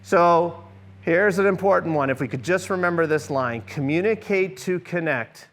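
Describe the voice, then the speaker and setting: A man's voice: on the high side, normal speed. A man presenting a church seminar on listening, earnestly addressing a live audience and often checking in with "okay?".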